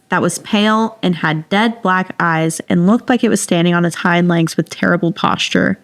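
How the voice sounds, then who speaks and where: Playful woman podcast host reading aloud. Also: on the low side. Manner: playful, laughs often, dramatic reading. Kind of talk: reading a listener's story aloud, casual chat.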